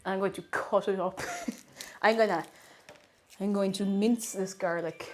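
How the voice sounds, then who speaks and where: A young Irish woman from Tipperary, with the accent to match, cooks on a live stream while chatting and giggling with her viewers and warmly greeting the chat. Her voice sits mid-range with fairly even intonation and a measured pace, over soft background music.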